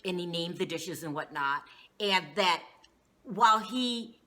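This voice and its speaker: A woman's voice: fairly low pitch, expressive, measured pace, pushed and bright. A woman giving a casual, gossipy recap of a reality show, swearing freely as she goes.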